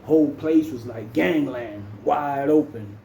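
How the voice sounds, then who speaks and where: A man's voice: medium pitch, a little slow, vocal fry, dark tone, reverberant, slight background noise, poor audio. A man with a Jamaican accent telling a story in casual slang, dropping "man" into nearly every sentence. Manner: slangy, peppers speech with "man". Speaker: storyteller vlogger.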